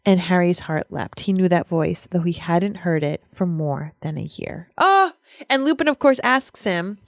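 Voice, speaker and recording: A woman's voice: lowish voice, animated, normal speed, no room sound, clean studio sound. Enthusiastic woman podcast co-host. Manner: enthusiastic, reads book quotes aloud with laughs. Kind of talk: casual book discussion.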